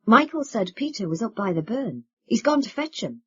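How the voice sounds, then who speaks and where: A woman voicing a brisk, matter-of-fact middle-aged housewife, in a dull lo-fi recording. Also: mid-range voice, big pitch swings, a bit bright, husky, no echo, full character voice.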